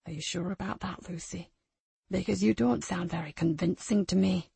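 A woman voicing a menacing adult who taunts a frightened child in a low, slow, hushed murmur. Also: vocal fry, slightly rough, dry recording, exaggerated voice. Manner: slow, drawn-out, sinister.

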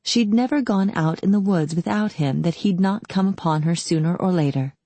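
A woman narrating an audiobook in a calm, steady storytelling manner. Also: fairly low pitch, moderate pace, no room sound. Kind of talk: scripted narration.

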